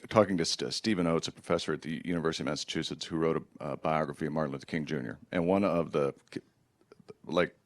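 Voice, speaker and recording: A man's voice: extremely low pitch, quick pace, no echo. A man hosting a public conversation, asking thoughtful questions with some hesitation. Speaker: host. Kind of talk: conversational interview.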